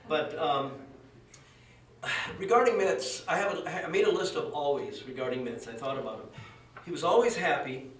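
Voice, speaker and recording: A man's voice: on the high side, lively intonation, moderate pace. A man giving an anecdotal eulogy at a memorial service, telling stories with chuckles and acting out quotes. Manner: chuckling storyteller, acts out quotes. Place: dojo hall at a memorial. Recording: roomy echo from far off, faint hiss.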